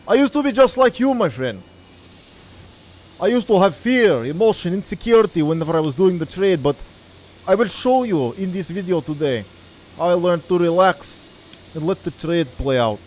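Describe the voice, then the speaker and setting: A man's voice: high-pitched, animated, moderate pace, a little mellow, slight background noise, pitched above the performer's own voice. A man voicing a melodramatic male trader, speaking theatrically to the listener. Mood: dramatic. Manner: theatrical, heavy accented delivery addressing the listener as friend. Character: melodramatic male trader with a put-on Russian accent.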